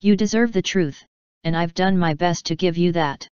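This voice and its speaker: A woman's voice: fairly low pitch, moderate pace, a little mellow, clear, resonant tone, no echo, highs cut off, natural voice. A woman reading as a solemn narrative spirit. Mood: earnest. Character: calm wise female narrative spirit, solemn.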